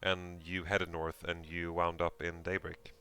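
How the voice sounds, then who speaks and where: A man narrating a tabletop game as game master, in a casual, halting way with many fillers. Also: deep voice, monotone, sharp tone, clean tone, no room sound.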